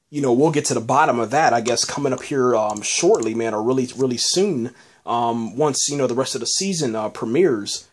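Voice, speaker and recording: A man hosting a casual solo podcast, reviewing a TV episode in a rambling way with lots of fillers, restarts and "man.". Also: medium pitch.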